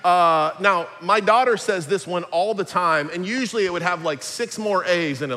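A pastor, preaching an upbeat, jokey sermon. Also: male voice, high-pitched, lively intonation, fast talker, hardly any pauses, sharp tone, long reverb tail. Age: 40s.

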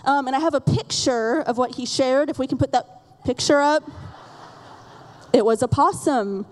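A woman's voice: high voice, lively intonation, moderate pace, a little mellow. A woman in her thirties preaching a sermon from a church stage, telling candid and self-deprecating stories about her children and laughing often. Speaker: pastor. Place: church auditorium. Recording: reverberant sanctuary sound.

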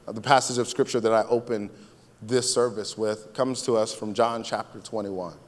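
A man's voice: on the low side, steady tone, moderate pace, big-room sound. A man preaching a sermon as pastor, in a casual, conversational way, often repeating his key phrases.

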